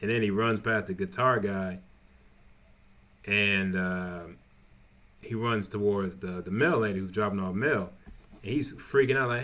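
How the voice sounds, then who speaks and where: A man's voice: lowish voice, sharp tone. Man rambling through a show recap. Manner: rambling, halting, with many restarts and fillers. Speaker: TV show reviewer. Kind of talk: casual spoiler recap.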